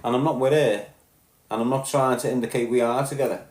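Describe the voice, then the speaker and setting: A man in his thirties with a Liverpool accent, talking bluntly and swearing as he tells his story on a podcast, going from loud bursts to low mutters. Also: fairly even intonation, brisk, roomy sound. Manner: blunt and profane, swings between loud outbursts and low muttering. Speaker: podcast host. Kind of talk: candid monologue.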